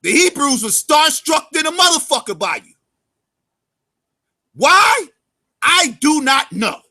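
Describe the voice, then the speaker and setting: Male vlog commentator with a strikingly high voice, cursing constantly and talking straight to his viewers as family. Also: sing-song, normal speed. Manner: swings between loud outbursts and low mutters. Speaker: YouTube commentator. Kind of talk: profane storytelling commentary.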